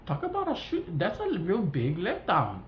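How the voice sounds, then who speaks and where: Animated woman with Hawaiian Pidgin lilt. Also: on the low side, moderate pace. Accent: Hawaiian Pidgin-tinged English. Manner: animated storytelling, acts out dialogue. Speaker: vlogger. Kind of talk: casual rant to viewers. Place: home kitchen. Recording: roomy, slightly dull, faint hiss.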